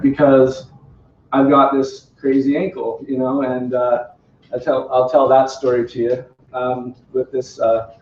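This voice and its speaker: A man's voice: mid-range voice, darkish tone, slight background noise. A man casually telling a personal story to a small group at home, chatty and self-deprecating, often quoting others and laughing. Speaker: company representative telling his story. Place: living room in a home. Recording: roomy, distant, dull home video.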